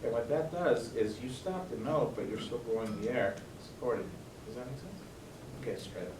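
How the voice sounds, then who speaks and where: A man's voice: medium pitch, fairly quick, distant mic, background noise. Man coaching a band in a roomy hall. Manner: coaching, often asks if it makes sense. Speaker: band conductor. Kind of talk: rehearsal instruction. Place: school band room. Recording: roomy, off-mic, band playing.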